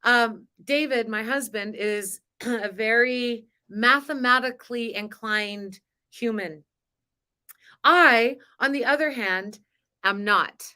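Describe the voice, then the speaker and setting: Woman host of a spiritual live stream. Chatty, emotional, laughs often, slightly high voice. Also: slow pace, bright, forceful tone, clean tone. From grew up on a farm. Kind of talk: casual live-stream talk.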